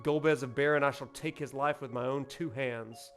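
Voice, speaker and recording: A man's voice: mid-range voice, steady tone, moderate pace, soft background music, close to an everyday voice. A man voicing a stern, grieving old male sage, speaking in a curt and commanding way.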